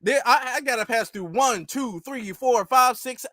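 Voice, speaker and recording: A young man vlogging, telling a story casually to camera in an animated, laughing way with loose slang. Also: very high voice, unhurried, dry recording, studio quality.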